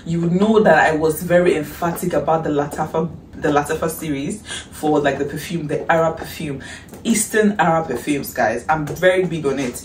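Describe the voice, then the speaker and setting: A woman with a Nigerian accent chatting in a casual haul vlog, excitable and gushing, breaking into shrieks and breathy exclamations. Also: deep voice, moderate pace. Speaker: vlogger. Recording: echoey room, distant mic, faint hiss.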